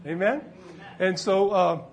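High-voiced man preaching a sermon. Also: takes it slowly, muffled recording. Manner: loud exuberant praise shouts, then conversational preaching. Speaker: pastor. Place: church.

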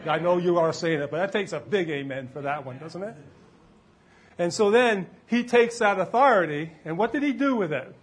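Higher-voiced man preaching a conversational sermon. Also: lively intonation, moderate pace, slightly rough. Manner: conversational, quizzes the congregation with questions. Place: church before a live congregation.

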